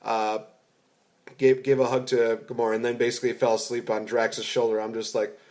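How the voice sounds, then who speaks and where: An excitable man talks through a film in a casual podcast chat. His voice sits at an ordinary middle pitch, and he rambles, restarting sentences as he gushes. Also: brisk. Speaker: podcast co-host. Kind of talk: casual movie review chat.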